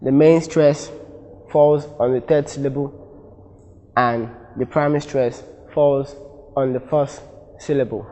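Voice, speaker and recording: A man with a Nigerian accent teaching an exam-prep lesson, speaking deliberately, repeating example words for drill and correcting himself as he goes. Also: mid-range voice, fairly even intonation, warm tone, big-room sound, poor audio.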